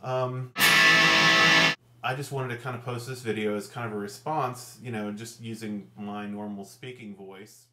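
A man's voice: fairly low pitch, steady tone, measured pace, roomy sound, soft background music. A man with a Central Ohio accent, talking to his computer in a casual, hesitant, rambling vlog full of fillers. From Ohio, USA. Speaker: video blogger. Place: room at home in front of computer.

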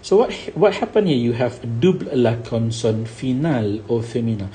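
A male teacher giving a French lesson, repeating each word slowly and checking understanding with a rising "okay?". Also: mid-range voice, lively intonation, warm tone, slight background noise. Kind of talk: recorded language lesson.

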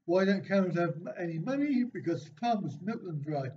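A man hosts a casual live stream, reading out viewers' jokes and questions from the chat and answering with dry, self-mocking remarks. His voice sits a little high. The sound is dull and lo-fi, with a faint hiss underneath. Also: expressive, normal speed, a little mellow. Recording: dull, slightly lo-fi stream audio with faint noise.

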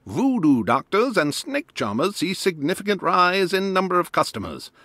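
A man's voice: high-pitched, sing-song, normal speed, a bit bright, no room sound, full character voice. A man voicing a formal 1930s news announcer reading headlines in a game. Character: 1930s male newsreader, formal. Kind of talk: period newspaper reading.

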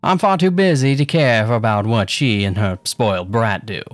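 A man's voice: mid-range voice, moderate pace, no room sound, natural voice. Baron Samedi, a man doing a nasal spirit of the dead. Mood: sly. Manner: gruff, then chuckling and sly. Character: nasal, cigar-chewing male spirit of the dead. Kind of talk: horror story narration.

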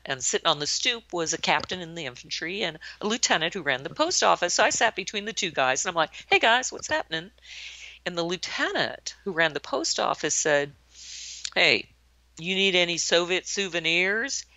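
Lady in her 60s, bright forceful voice, acts out quotes as she tells stories, dull dry lo-fi sound. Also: low-pitched, a little fast, no room sound. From United States. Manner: lively storyteller who acts out quoted lines. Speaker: interview guest, retired army colonel. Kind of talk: anecdotal storytelling in a podcast interview.

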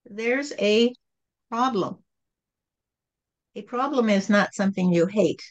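A woman channeling God as a calm, patient spirit, speaking in a gentle, repetitive teaching tone. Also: mid-range voice, takes it slowly, dull audio, natural voice.

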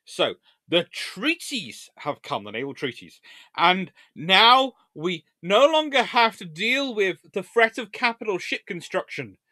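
Give me a man giving a theatrical live-stream history lecture, with a slightly high, bright voice. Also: a little slow, dry recording, clean studio sound. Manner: animated, theatrical storytelling. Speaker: naval historian host.

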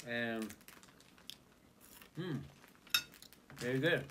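A man hosting a casual food vlog, talking in a relaxed, chatty way with lots of fillers while he eats. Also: medium pitch, unhurried, pauses often, a little hiss or hum. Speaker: channel host.

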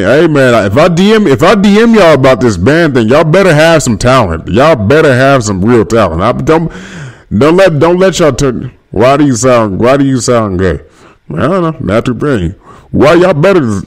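A man hosting a livestream from his phone, reading viewer comments and joking around in casual banter. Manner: playful, loose banter with rises in pitch. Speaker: livestream host.

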